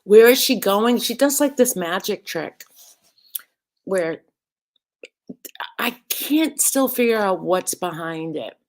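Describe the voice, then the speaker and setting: A woman's voice: medium pitch, animated, slow, pauses often. A woman live streamer chatting casually, rambling and greeting viewers by name.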